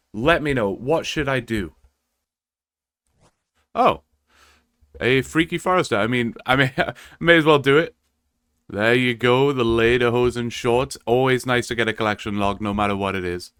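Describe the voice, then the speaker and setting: A man narrates his gameplay in a relaxed, wry way, laying out rules and plans for his viewers. His voice sits at an ordinary middle pitch. The sound is close and dry, with no room around it. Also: moderate pace, smooth, dry recording. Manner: casual, wry, explanatory. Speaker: gaming video creator. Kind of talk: gameplay commentary.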